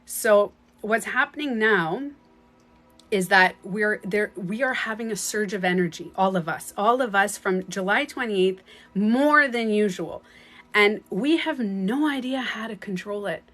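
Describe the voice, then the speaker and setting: A woman's voice: medium pitch, a little slow, fairly bright tone. Chatty woman with a French accent. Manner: chatty, rambling, laughs often. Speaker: spiritual coach. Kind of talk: casual live-stream talk. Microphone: phone.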